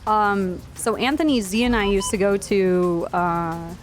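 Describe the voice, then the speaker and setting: A woman's voice: medium pitch, a little slow, faint music behind. A woman streamer in her twenties tells a blunt, profane, rambling story, full of fillers, in casual chat. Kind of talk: casual storytelling while live streaming a game.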